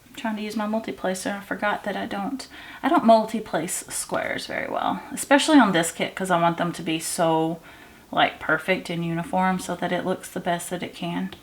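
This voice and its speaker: A woman's voice: fairly low pitch, fairly even intonation, moderate pace. A woman vlogger chatting casually at home while she works on a craft, rambling with many fillers and restarts.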